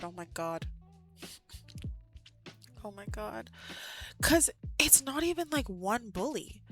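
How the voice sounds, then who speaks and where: A young woman, an art teacher, chatting casually on a livestream in an animated, exasperated way. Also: medium pitch. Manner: animated, exasperated ranting with laughs.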